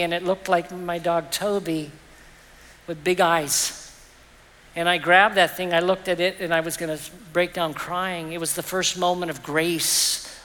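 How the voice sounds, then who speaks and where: A man's voice: sits high, sharp tone. A middle-aged man preaching a sermon as pastor, earnest and personal, telling stories to make his point. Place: church. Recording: reverberant church hall.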